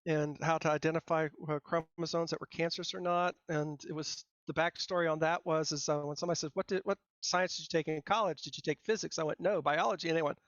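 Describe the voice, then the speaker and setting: High-voiced rambling middle-aged man. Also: fairly even intonation, quick pace, few pauses, a bit bright, dry recording. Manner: rambling, self-deprecating, full of fillers and restarts. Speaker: guest software engineer. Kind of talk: casual interview talk. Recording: dull dry lo-fi sound.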